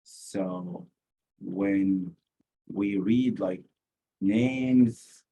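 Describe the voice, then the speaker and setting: Male teacher, Arabic accent, husky, unhurried, lowish voice, repeats words to drive points home. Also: darkish tone, low-quality recording. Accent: Arabic-speaking. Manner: explains slowly, repeats key words for emphasis. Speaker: SAT teacher. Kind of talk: recorded lecture.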